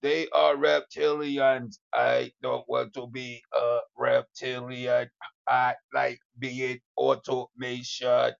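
A streamer putting on a smug AI robot voice, slow and deliberate, hawking itself like a salesman, muffled lo-fi stream audio. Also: medium pitch, flat delivery, vocal fry, voice pushed down. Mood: calm. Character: self-described AI robot, calm and boastful.

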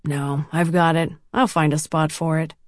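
Brief: woman playing a relaxed friendly teen boy, voiced well below her own pitch, dry close read. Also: normal speed, no room sound, natural voice. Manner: easygoing, casual.

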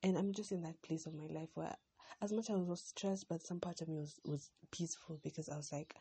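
A woman's voice: low voice, fairly even intonation, fairly quick, warm tone, husky. A young woman hosting a casual personal podcast, talking in a rambling, heartfelt way that often stops and restarts. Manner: rambling, self-interrupting, heartfelt. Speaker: podcast host.

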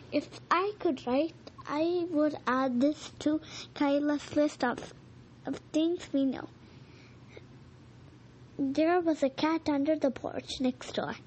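A woman reading a children's storybook aloud, halting now and then with slips and rereads. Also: high voice, a little mellow, slight background noise. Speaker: reader.

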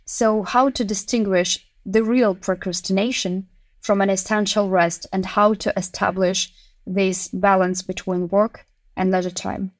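A woman hosting a podcast, asking long, measured questions. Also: medium pitch, steady tone, no room sound. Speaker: podcast host.

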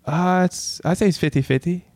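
A man's voice: sits high, moderate pace, a little mellow. A young man, a guest on a podcast, telling a story in a laid-back, easygoing way. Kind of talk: casual podcast conversation.

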